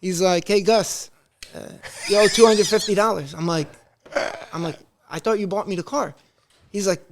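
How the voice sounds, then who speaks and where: High-voiced man telling animated stories. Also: normal speed. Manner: animated, acts out quoted dialogue; rambling with many restarts. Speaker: podcast guest. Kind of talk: casual storytelling.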